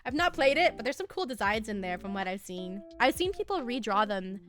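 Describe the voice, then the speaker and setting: Giggly high-voiced young woman streamer. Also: big pitch swings, a little fast, a bit bright, soft background music. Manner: giggly, laughs often between remarks; bubbly, teasing banter with chat. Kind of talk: casual chat with live viewers. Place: at home.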